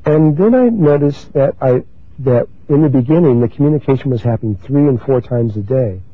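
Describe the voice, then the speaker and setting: An older man giving a spiritual talk, telling stories slowly and gently, pausing and restarting often. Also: mid-range voice, dry recording. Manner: slow, gentle storytelling with pauses and restarts. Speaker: spiritual teacher. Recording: dry, tinny phone-like recording.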